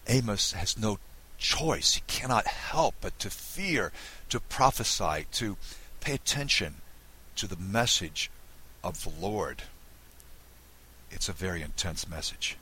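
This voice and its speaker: A man teaching a recorded Bible lesson in a husky voice with a forceful, pressing edge. He sits a little low in pitch and explains with lively emphasis. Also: slow pace, pauses often, low-quality recording. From Southern United States.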